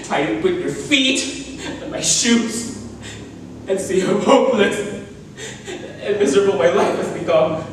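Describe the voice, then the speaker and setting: A man's voice: high voice, lively intonation, unhurried, a little hiss or hum. A young man with a Filipino accent performing a dramatic monologue in a theatrical, emotive way. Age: young adult. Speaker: student contestant. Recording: echoey room, distant mic, faint ambience.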